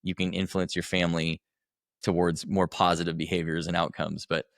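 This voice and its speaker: Low-voiced earnest man talking. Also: level tone, a little fast, vocal fry, dry recording, studio quality. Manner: earnest, rambling with restarts. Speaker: podcast guest, coach for husbands. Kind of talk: conversational interview.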